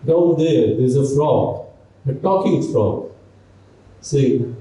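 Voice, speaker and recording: A man giving a humorous storytelling speech at a college event, relaxed and anecdotal with asides to the audience. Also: medium pitch, takes it slowly, pauses often. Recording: echoey hall from far off.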